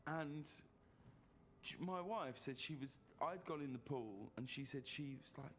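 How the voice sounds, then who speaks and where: A man's voice: on the high side, animated, unhurried, a little hiss or hum. A British man in middle age, married, telling a rambling, self-mocking holiday story in an interview. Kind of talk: anecdotal storytelling.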